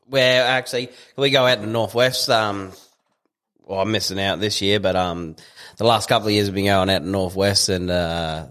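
Low-voiced, hesitant bloke. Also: male voice, a bit bright. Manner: hesitant, lots of ums and uhs, easygoing. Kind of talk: casual podcast chat.

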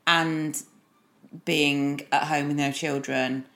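Woman, late thirties, low deep voice, chatty, self-mocking podcast talk. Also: little pitch movement, slow, fairly bright tone. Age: late 30s. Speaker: podcast co-host, mother, former teacher. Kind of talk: casual chat.

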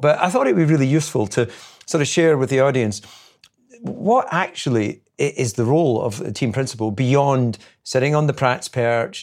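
A man co-hosting a podcast, calmly setting up a question. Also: medium pitch. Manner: measured, leading questions. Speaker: podcast co-host. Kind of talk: casual interview chat.

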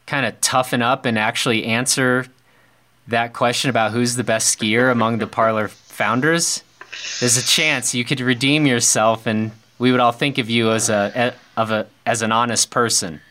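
A man's voice: mid-range voice, steady tone, moderate pace, bright, forceful tone. A man hosting a gear podcast, interviewing a guest in friendly, joking banter and wrapping up the episode. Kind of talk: casual interview conversation.

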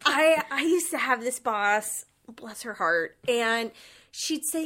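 Lively laughing woman podcast co-host. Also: a little high, slow pace. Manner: animated storyteller, laughs often. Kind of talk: casual chat.

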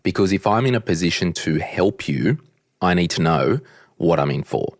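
Podcast host, male, low husky voice, blunt ranting chat, dry close mic. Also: expressive, normal speed, no echo.

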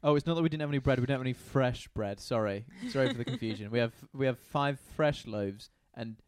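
A man, casually retelling a Bible story in a deadpan, joking way. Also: medium pitch, fast, clean tone, no echo, clean studio sound. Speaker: podcast co-host retelling Bible stories. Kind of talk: casual comedic chat.

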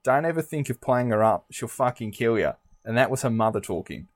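A man voicing a rough, offhand Australian husband in a put-on Australian accent on a comedy podcast. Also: mid-range voice, animated, fairly quick, dry recording, close to an everyday voice. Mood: blunt.

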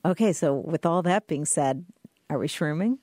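A woman co-host chats casually on a podcast, gushing over her favorite finds. Her voice sits a little low, and the studio sound is dry and close. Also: expressive, moderate pace, mellow, dry recording. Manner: enthusiastic, gushing recommendations. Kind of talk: casual chat.

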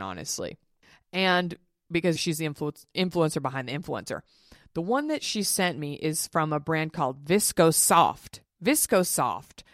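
A woman's voice: sits low, no room sound, clean studio sound. A woman in her thirties hosting a solo podcast, chatty and frank, swearing freely and acting out what others said. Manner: chatty, frank and profane, with mimicked quotes. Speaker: podcast host. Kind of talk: casual solo podcast chat.

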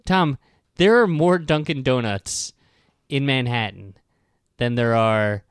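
Brief: male comedy podcast co-host, smooth clear voice, dry close sound, swears a lot. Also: medium pitch, slow pace, dry recording. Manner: profane, wry, rambling. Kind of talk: casual comedic chat.

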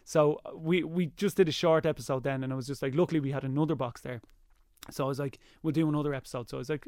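A young Irish man chatting as an interview guest, telling lively stories and slipping into impressions. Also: on the high side, racing, dry recording, clean studio sound. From Ireland. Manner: lively storyteller, slips into impressions. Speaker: guest, YouTuber. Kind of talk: casual interview chat.

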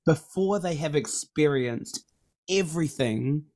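A man's voice: on the high side, lively intonation, slow pace, a little mellow. A middle-aged man, co-hosting a podcast in casual chat, candid and effusive, talking openly about his feelings and swearing freely. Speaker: podcast co-host.

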